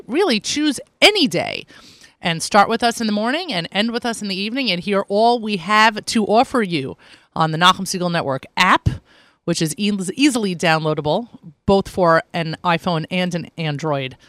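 A woman's voice: mid-range voice, animated, moderate pace, a bit bright, no echo. A woman hosting a morning radio show in an upbeat, chatty way, speaking into a studio microphone. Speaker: radio host.

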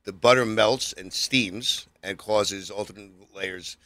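A man's voice: on the low side, slow, sharp tone. A man who is a chef explaining a cooking technique in a friendly way, often repeating words as he starts a thought. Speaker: chef and restaurant owner.

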